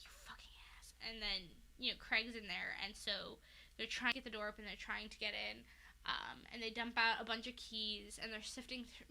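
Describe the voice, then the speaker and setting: A woman's voice: fairly high pitch, creaky, bright, forceful tone. A woman hosting a podcast, casually retelling a story in a rambling way, with lots of fillers and swearing. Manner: rambling, full of "like" and "um", swears freely. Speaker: podcast host. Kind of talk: casual recap of a fan fiction.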